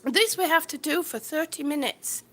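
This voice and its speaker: A woman livestreaming from home as she walks, greeting viewers warmly by name and slightly out of breath, talking into a phone on a gimbal. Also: sits high, normal speed. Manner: warm, greets viewers by name, calls them sweetie. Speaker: vlogger on a livestream. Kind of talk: chatty live stream while walking. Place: indoors at home. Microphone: phone on a gimbal held while walking.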